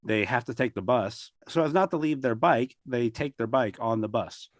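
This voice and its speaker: A man's voice: mid-range voice, moderate pace, no room sound, clean studio sound. A man co-hosting a casual movie review podcast, recapping the plot in a laid-back way with crude humor. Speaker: podcast co-host.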